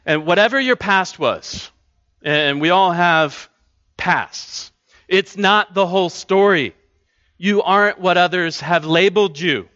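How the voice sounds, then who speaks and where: A man's voice: high-pitched, takes it slowly, bright, forceful tone, no room sound, lo-fi sound. A male pastor preaching a sermon in an earnest, conversational way, often restarting his phrases. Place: church.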